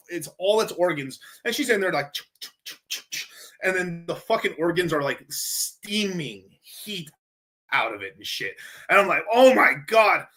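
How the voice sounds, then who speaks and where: A young man from Mexico with a bright, forceful voice streams live over a desk mic. He answers chat questions in a casual, rambling way. He swears freely and restarts his sentences often. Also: a little high. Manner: profane, loose, lots of fillers and restarts. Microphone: streaming microphone.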